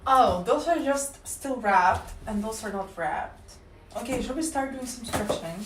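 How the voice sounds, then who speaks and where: Woman, Russian accent, casual streamer patter, lively pitch, roomy distant sound. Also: unhurried, background noise. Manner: teasing, self-mocking, laughs often. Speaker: livestreamer. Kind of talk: casual livestream chat.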